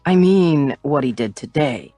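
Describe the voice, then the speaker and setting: Woman narrator doing a teasing young guy, low and lightly playful, audiobook read. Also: expressive, a little slow, mellow, dry recording, faint music behind. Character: teasing playful young man, a loyal friend.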